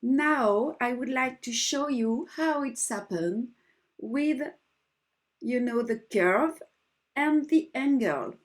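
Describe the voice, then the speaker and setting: Speaking English as a second language with a French accent, a woman patiently demonstrates an embroidery stitch one step at a time. Her voice is a little high with lively intonation, she takes it slowly, and her slightly broken English comes across as gentle.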